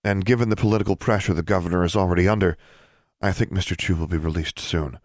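A man reading an audiobook, voicing a stern, composed woman official in a measured, formal way. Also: deep voice, fairly even intonation, no room sound, studio quality. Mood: cool, formal.

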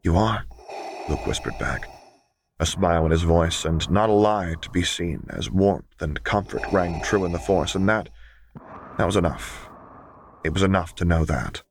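A man narrating a fan fiction audiobook in a steady, measured storytelling manner. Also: deep voice, gravelly, slight background noise. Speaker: audiobook reader.

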